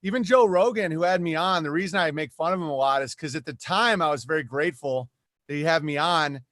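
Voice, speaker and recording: A man's voice: a little high, quick pace, fairly bright tone, no room sound, clean studio sound. A man who is a comedian, talking as a podcast guest and ranting in a rambling way with lots of asides. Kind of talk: animated podcast conversation.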